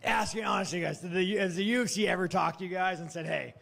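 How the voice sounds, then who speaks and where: A man's voice: high voice, fairly even intonation, fast, vocal fry, a bit bright. A man answering reporters at a post-fight press conference, blunt, profane and provocative, mocking and laughing at his own jokes.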